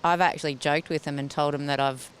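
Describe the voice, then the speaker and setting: A man's voice: a little high, fairly even intonation, fairly quick, a bit bright, a little hiss or hum. An Australian man telling a joking story in a street interview. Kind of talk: casual anecdote.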